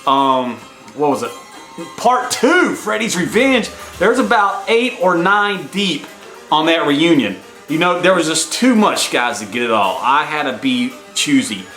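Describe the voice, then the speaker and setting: Male vlogger, brash hype-man patter, fairly high voice, roomy echo. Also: expressive, a little slow, pushed and bright, faint music behind. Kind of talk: casual hype vlog. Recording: echoey room sound.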